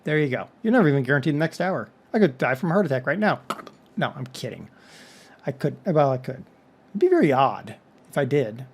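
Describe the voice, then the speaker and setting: A man's voice: medium pitch, big pitch swings, brisk, breathy edge. A man from Texas talking casually to his viewers in a rambling monologue full of joking asides. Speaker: vlog host.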